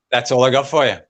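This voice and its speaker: Deadpan male stand-up comic. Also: mid-range voice. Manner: deadpan, throat-clearing delivery. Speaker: stand-up comedian.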